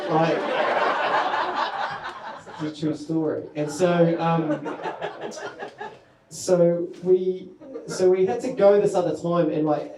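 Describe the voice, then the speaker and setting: A man, doing a rambling, self-mocking stand-up set about parenting. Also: a little high. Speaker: stand-up comedian. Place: comedy venue with an audience. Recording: echoey room.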